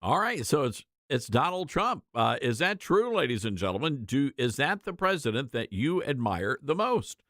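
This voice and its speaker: Animated male talk show host. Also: mid-range voice, normal speed, few pauses, no room sound, clean studio sound. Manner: animated and mocking. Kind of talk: opinionated talk show commentary.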